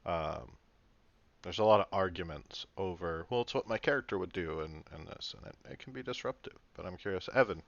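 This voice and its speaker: A man with a low voice and vocal fry talks fairly quickly, with no echo, on a dull, dry lo-fi recording. A podcast host and dungeon master, he leads a casual tabletop role-playing panel, rambling with plenty of fillers and restarts.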